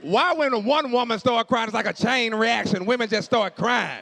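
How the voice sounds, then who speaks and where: A man doing stand-up comedy in a church, telling stories with animated delivery, acting out dialogue and shouting punchlines to a live audience. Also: very high voice, normal speed, gravelly, few pauses.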